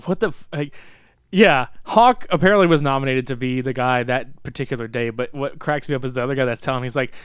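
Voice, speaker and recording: This podcast co-host talks fast with barely a pause, chatting casually and profanely about a movie, laughing a lot and quoting scenes in an animated way. His mid-range voice is clear and resonant, recorded at studio quality with no room sound.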